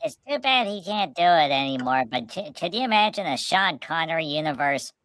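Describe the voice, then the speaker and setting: Low-voiced rambling woman, dry close mic. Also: animated, brisk, fairly bright tone, no room sound. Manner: rambling storyteller with restarts. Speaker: podcast co-host. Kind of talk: casual chat.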